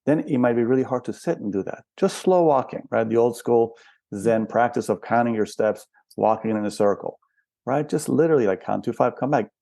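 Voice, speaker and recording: A man's voice: mid-range voice, a little fast, creaky, mellow, dry recording. An older man, a spiritual counselor and guest, explaining patiently and asking rhetorical questions in a reflective interview.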